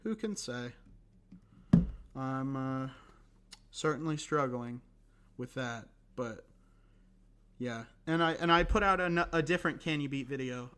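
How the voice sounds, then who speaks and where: A hoarse young man hosting a casual solo podcast, rambling and self-deprecating with lots of fillers and restarts. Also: medium pitch, measured pace, long pauses, sharp tone, a little hiss or hum. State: hoarse, recovering voice. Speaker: podcast host.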